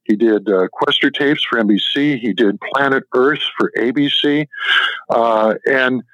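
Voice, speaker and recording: A man's voice: mid-range voice, unhurried, a bit bright, no echo. Man telling detailed anecdotes, lo-fi. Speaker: author guest. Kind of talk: interview answers. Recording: dull lo-fi dry recording.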